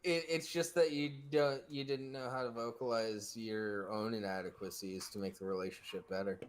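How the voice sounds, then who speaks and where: A man's voice: mid-range voice, steady tone, moderate pace. Stammering man bantering on a podcast. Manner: hesitant, stammering restarts. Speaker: podcast co-host. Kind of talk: crude comedic banter.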